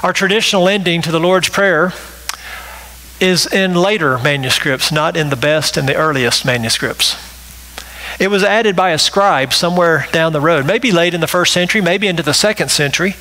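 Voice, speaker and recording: A man's voice: on the high side, moderate pace, pushed and bright, poor audio. A male pastor delivering a sermon, emphatic and repetitive, often checking in with the congregation with a rhetorical "right?".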